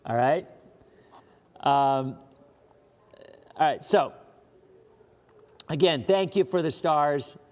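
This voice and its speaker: Reassuring, emphatic man with a high voice. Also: drawn-out words, long pauses, a little mellow, big-room sound. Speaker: TV meteorologist. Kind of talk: live weather broadcast. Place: live stream studio.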